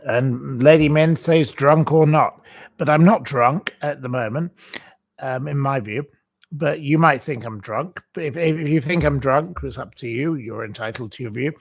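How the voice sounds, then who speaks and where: A man's voice: medium pitch, normal speed. A man hosting a livestream, reading out viewer comments and ranting bluntly with repeated insults. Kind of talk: casual live-chat rant.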